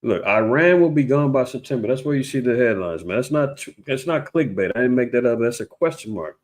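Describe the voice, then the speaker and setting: Animated and a little fast, this man delivers casual religious commentary online that wanders and preaches. He often starts over and does mocking, high-pitched impressions of other people.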